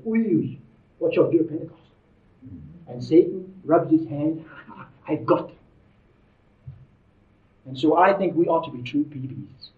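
A man preaching a sermon in an emphatic, conversational way, with frequent asides to his listeners. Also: high voice. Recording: roomy, distant, dull lo-fi sermon recording.

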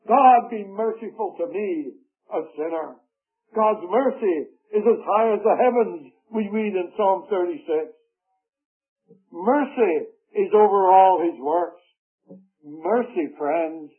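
A man preaching a fervent sermon, drawing out emphatic words. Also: sits high. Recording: old phone-like radio broadcast.

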